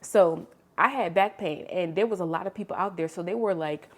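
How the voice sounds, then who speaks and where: Animated young woman telling a story. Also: lowish voice, a little fast. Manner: animated, expressive storytelling with sharp swings in loudness; chatty, addresses listener as honey and girl. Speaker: vlogger. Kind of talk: casual storytime chat.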